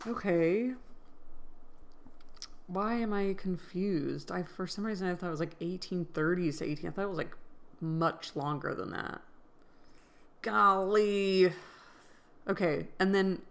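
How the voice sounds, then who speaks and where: A woman with a lowish voice chats casually in a book vlog, unhurried and pausing often. She muses aloud, questions herself, and jokes at her own expense in a playful, self-deprecating way.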